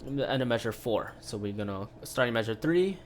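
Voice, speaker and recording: A man's voice: mid-range voice, lively intonation, brisk. A man giving a casual online piano lesson, explaining step by step with lots of "right?" tag questions and filler sounds. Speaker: piano teacher.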